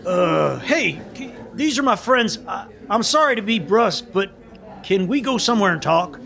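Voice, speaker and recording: A man's voice: high voice, lively intonation, normal speed, gravelly, fairly bright tone, heavily acted. A man voicing a young man who can turn into a huge bear, talking in a hesitant, folksy drawl. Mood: guarded. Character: young man who turns into a bear, gruff but shy.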